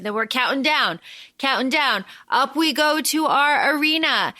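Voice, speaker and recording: Woman podcast host with a bright, crisp, slightly high voice, talking in slangy, playful recap style, recorded close and dry with no room sound. Casual movie-rewatch chat. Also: measured pace, no echo.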